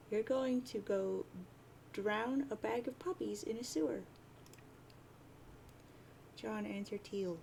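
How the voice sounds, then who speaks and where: Chatty woman reader with a gravelly edge, webcomic readthrough with jokey asides. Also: a little high, dark tone, a little hiss or hum, low-quality recording. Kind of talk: reading a webcomic aloud.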